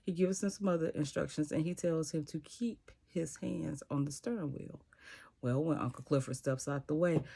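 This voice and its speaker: A man casually recapping a TV episode, retelling scenes in a lively way and acting out the characters' lines. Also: medium pitch.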